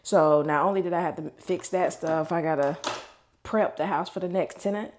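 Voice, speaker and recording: A woman's voice: on the low side, moderate pace, a little mellow, a little hiss or hum. A woman in her thirties talking candidly to camera in a casual vlog, venting about her week and swearing freely. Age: 30s. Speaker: vlogger.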